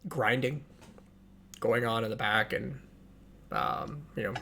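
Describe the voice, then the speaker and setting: A man's voice: mid-range voice, fairly even intonation, takes it slowly, gravelly, sharp tone, slight background noise. A man narrating as game master of a tabletop game, in a loose, hesitant way with fillers.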